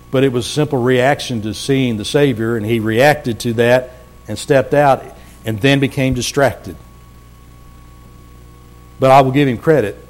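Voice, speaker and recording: A man preaching a sermon as pastor, earnest and slowing down to stress words. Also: mid-range voice, a little mellow. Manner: earnest, slows down for emphasis.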